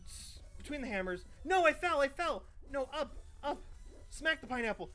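A man in casual gaming banter, loud and excitable, swearing a lot. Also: very high voice, moderate pace. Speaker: gaming video regular.

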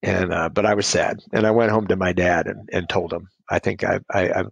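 Gravelly low-voiced man telling stories. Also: steady tone, moderate pace, no room sound, lo-fi sound. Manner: rambling, self-deprecating, laughs at his own jokes. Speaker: guest telling his recovery story. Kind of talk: casual storytelling.

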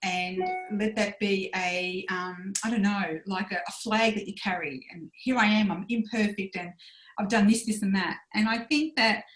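A woman's voice: mid-range voice, fairly even intonation, normal speed, fairly bright tone, faint music behind. A woman in her forties speaking frankly and reflectively as a podcast guest, acting out her own inner voice as she tells her story. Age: 40s. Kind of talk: candid personal conversation. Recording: roomy echoey sound.

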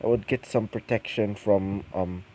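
A man voicing a scheming female insect demon seductress who coaxes softly, then turns shrill when furious. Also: fairly even intonation, normal speed, a little hiss or hum, lightly acted. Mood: coaxing.

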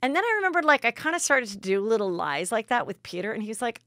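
Speaking fast with few pauses, this female podcast host has a high-ish voice with big pitch swings and a pushed, bright tone. She's a chatty storyteller in a casual gossip session, performing other people's quotes. The audio is studio quality, free of room sound.

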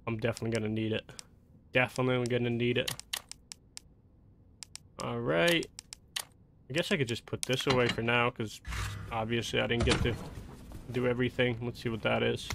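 A man's voice: mid-range voice, creaky, noisy background. Young man casually commentating a game. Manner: casual, swears a lot, grows angry and exasperated. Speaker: gameplay commentator. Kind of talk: casual let's-play commentary.

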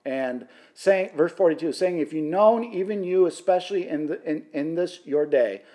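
Fervent male Bible teacher, mellow voice. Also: fairly high pitch, moderate pace. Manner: impassioned, rising to fervent emphasis, with frequent restarts. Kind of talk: sermon-style Bible teaching.

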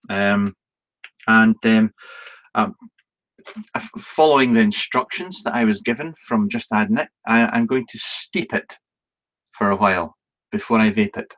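This live Q&A stream host speaks in a fairly bright voice on the low side, chatting and rambling with lots of ums and restarts. Self-deprecating and occasionally swearing, he comes through on dull, lo-fi audio.

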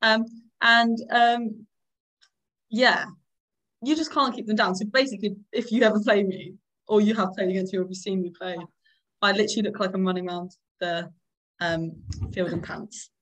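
A woman's voice: mid-range voice, fairly even intonation, moderate pace, a bit bright, poor audio. Chatty young woman. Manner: chatty, self-deprecating, acts out quotes. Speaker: podcast co-host and rugby prop. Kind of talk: casual chat.

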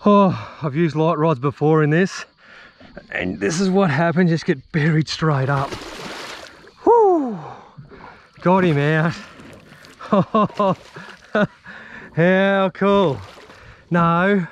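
An Australian man vlogging his fishing outdoors, excitedly talking to the fish and the viewers as he fights and lands it. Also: fairly high pitch, takes it slowly, pauses often, lo-fi sound, a little hiss or hum. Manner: excitable, chatty, swears and laughs while fighting fish. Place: outdoors on the water.

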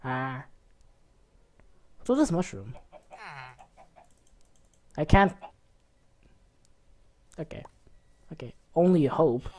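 Excitable woman narrating a game. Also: deep voice, very slow, pauses often. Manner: excitable, reacts loudly to game events. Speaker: gaming channel host. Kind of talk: let's-play commentary.

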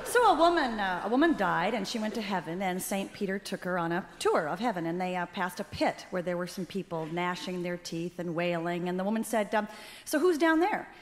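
A woman's voice: on the low side, animated, brisk, long reverb tail, a little hiss or hum. Chatty woman telling jokes on radio. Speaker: radio comedy performer. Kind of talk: live radio joke telling.

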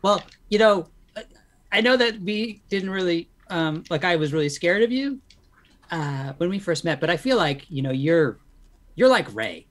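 A man's voice: high voice, big pitch swings, normal speed, a bit bright, voice pushed up. A man voicing a timid, nervous monster youth who rambles earnestly as he tries to make friends in a tabletop game.

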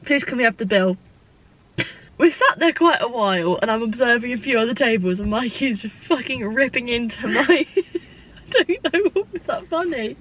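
A woman's voice: fairly high pitch, lively intonation, moderate pace, fairly bright tone, a little hiss or hum. A young British woman vlogging in casual chat at home, giggly and chatty, swearing freely. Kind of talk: casual vlog storytelling. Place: indoors at home.

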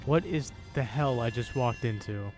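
A man doing let's-play commentary as a gaming YouTuber, excitable, swearing and yelling at the game. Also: medium pitch, normal speed, soft background music.

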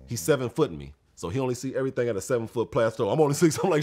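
A man's voice: mid-range voice, lively intonation, very fast, few pauses, darkish tone. A man in his forties, a former pro basketball player and podcast guest, telling stories with lots of laughter and swearing and acting out what people said. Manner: laughing, profane, acts out quotes. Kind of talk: casual storytelling chat.

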